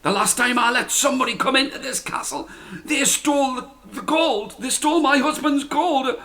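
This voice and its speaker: A man doing a high, wary giant's wife. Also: moderate pace, bright, forceful tone, heavily acted. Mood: reproachful. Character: kind-hearted female giant's wife, wary.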